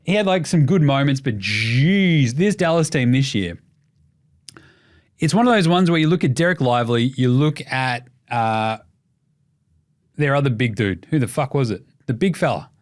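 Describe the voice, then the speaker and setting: A young Australian man hosting a casual sports show, sweary and jokey as he rattles through his takes. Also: medium pitch. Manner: fast, sweary, jokey, animated. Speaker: podcast host.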